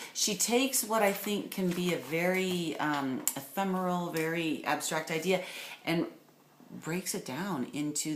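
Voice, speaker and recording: Low-voiced woman lecturing in an echoey room. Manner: rambling, warm enthusiasm with many fillers and restarts. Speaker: course instructor. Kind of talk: recorded lecture for an online course. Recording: echoey room with faint noise.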